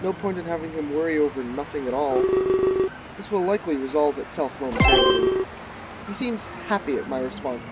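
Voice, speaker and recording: A man's voice: a little high, expressive, brisk, lo-fi sound, heavy background noise. A man playing a visual novel, reading the narration aloud and dropping wry, joking asides. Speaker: video game player. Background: loud game music.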